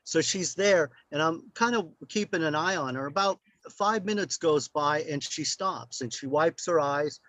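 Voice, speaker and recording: A man's voice: fairly high pitch, unhurried, fairly bright tone, no echo. Older male guest speaker, meandering anecdotal delivery, dry and close. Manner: rambling, anecdotal, with many fillers. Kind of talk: storytelling.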